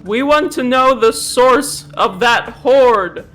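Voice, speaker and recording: A man's voice: very high voice, takes it slowly, a bit bright, soft background music. A man playing a tabletop game who keeps breaking into laughter. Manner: giggly, fits of laughter. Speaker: player. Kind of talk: tabletop play.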